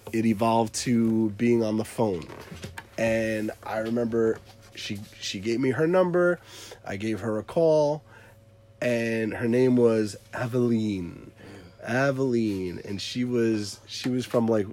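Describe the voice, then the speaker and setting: A man's voice: medium pitch, a little mellow. A man in his thirties telling a story in casual chat, rambling and correcting himself as he goes, often breaking into laughter. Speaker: podcast co-host telling a story.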